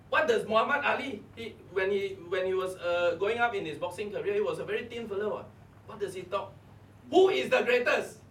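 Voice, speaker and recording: A man's voice: sits high, fairly bright tone, far from the mic. A middle-aged man with a Malaysian English accent, coaching a live audience at a motivational seminar and firing rhetorical questions at them. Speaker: network marketing coach. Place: meeting room before a live audience. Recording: echoey room, voice off-mic, faint hum.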